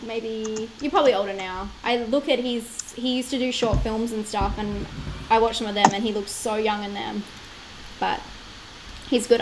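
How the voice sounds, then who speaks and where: Late-twenties Australian woman, giggly and chatty streamer, bright higher voice. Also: gravelly, slight background noise, rough recording. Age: 20s. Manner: chatty, laughs often, many likes and fillers. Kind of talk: casual live-stream chat.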